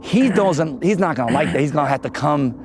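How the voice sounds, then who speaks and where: A man, a guest musician, telling comedic childhood stories in a casual chat, animated and laughing as he acts out the people he quotes. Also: on the high side, fairly quick, gravelly, a little hiss or hum.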